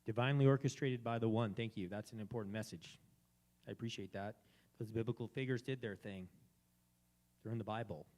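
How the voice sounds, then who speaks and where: A man hosting a live community gathering, speaking fervently about faith and swinging between soft and loud phrases. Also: on the low side, brisk, long pauses. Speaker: event host. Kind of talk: spiritual talk at a live gathering.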